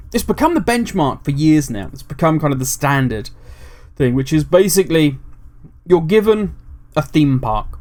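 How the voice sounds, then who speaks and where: A man hosting casual gaming commentary, rambling and jokey, animated and swearing freely. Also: a little high. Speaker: gaming video host.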